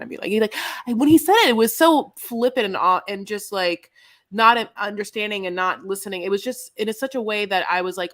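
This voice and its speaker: A woman's voice: medium pitch, quick pace. A woman co-hosting a podcast, rambling through a casual recap chat full of restarts and swearing. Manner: rambling, self-interrupting, profane. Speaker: podcast co-host.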